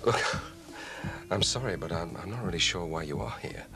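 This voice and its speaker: A man's voice: sits low, expressive, normal speed, heavy background noise. An actor playing a fussy, anxious separated father in a TV soap. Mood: fretful. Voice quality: fretful, prim. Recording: TV score behind the speech.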